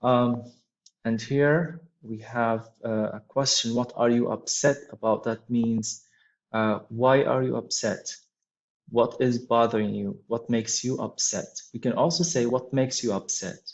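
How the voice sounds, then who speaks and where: A man teaching an English lesson, talking slowly and patiently at a middle pitch. He repeats key phrases and fills pauses with "um". The audio is dull and lo-fi. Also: fairly even intonation. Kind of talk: slow explanatory lesson.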